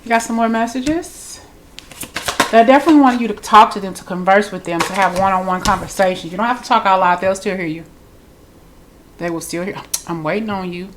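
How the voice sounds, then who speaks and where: A woman's voice: medium pitch, brisk, noisy background. A woman with a congested voice, giving a chatty, loose spiritual reading straight to her viewers. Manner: chatty, loose, repeats herself. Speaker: tarot reader.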